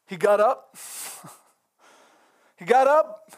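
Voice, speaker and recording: A man preaching a sermon with passion, breaking into fervent exclamations and rising to shouts as he drives his points home. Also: sits high, expressive, takes it slowly, long pauses.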